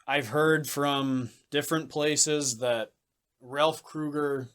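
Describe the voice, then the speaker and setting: A man's voice: on the high side, fairly even intonation, slow, a bit bright, clean tone. A man co-hosting a sports podcast in casual chat, blunt and ranting, swearing freely as he makes his case. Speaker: podcast co-host.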